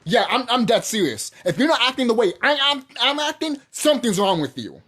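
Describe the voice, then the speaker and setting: A heated, profane rant pours out of a channel host speaking unscripted to camera. The sing-song voice is husky and a bit bright, moving a little fast with wide pitch swings, and sentences often break off and restart as a point is pushed.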